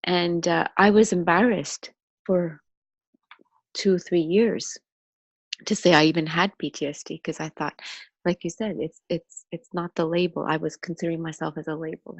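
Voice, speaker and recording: A woman sharing a personal story on a video call, speaking haltingly with many pauses and fillers, moved and emotional. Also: lowish voice, level tone, creaky, no echo. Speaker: webclass participant.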